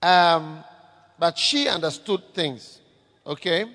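A man preaches a sermon in a high voice and keeps calling out to his listeners for an answer. His words hang in a long reverb from a large hall. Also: animated, slow pace, sharp tone. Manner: calls for audience response. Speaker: pastor.

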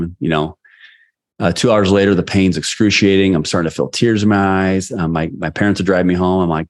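A man in his forties, a sales leader, telling a personal story in an interview, acting out quotes with lively energy. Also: sits low, a little fast. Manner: animated, acts out quotes. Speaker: guest, sales leader and coach.

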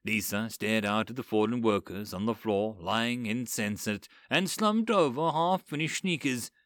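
A man narrating a dark fantasy story with an expressive, dramatic delivery. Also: lowish voice, a little slow, dry recording, clean studio sound.

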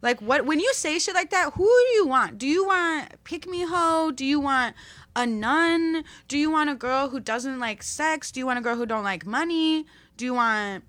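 Young woman, fairly high voice, bright tone, blunt, swearing, casual chat. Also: animated, normal speed. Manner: blunt, profane, heated.

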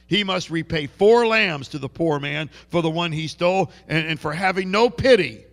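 Man doing an enraged king, loud, high, gravelly, long hall echo. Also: normal speed, soft background music. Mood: furious. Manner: loud, outraged. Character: furious king passing judgment. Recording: long reverb of a large hall.

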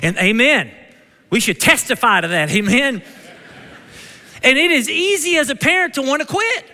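A man with a Kentucky twang preaches with high-pitched, bright energy. He cracks jokes and keeps calling for amens. His voice rings out with a long church-hall reverb. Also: normal speed. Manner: energetic, joking, calls out for amens. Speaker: pastor. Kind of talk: sermon.

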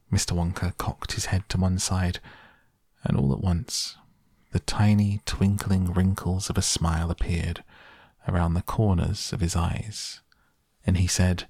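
Deep gravelly male audiobook narrator. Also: level tone, a little slow, a little mellow, no room sound, clean studio sound. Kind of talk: audiobook reading of a children's novel.

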